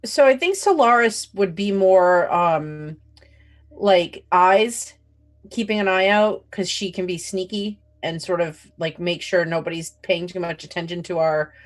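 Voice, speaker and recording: A woman's voice: lowish voice, a little slow. A woman playing a tabletop game, talking casually and hesitantly, with many "like"s. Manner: hesitant, lots of "like". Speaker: player.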